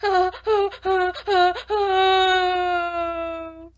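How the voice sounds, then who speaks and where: A woman's voice: very high voice, drawn-out words, voice pushed up, exaggerated voice. Woman doing a flustered, fretful schoolmistress. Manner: excited, pleading then scolding.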